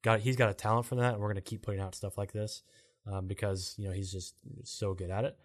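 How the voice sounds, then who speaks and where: Fast-talking calm podcast man. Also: on the low side. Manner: calm, rambling with many fillers. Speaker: podcast co-host and co-founder. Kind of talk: casual podcast chat.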